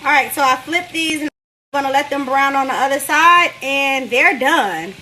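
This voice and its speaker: A woman hosting a casual home cooking lesson, chatting through each step in a relaxed way. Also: high-pitched, moderate pace, a little hiss or hum. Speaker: cooking show host. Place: home kitchen.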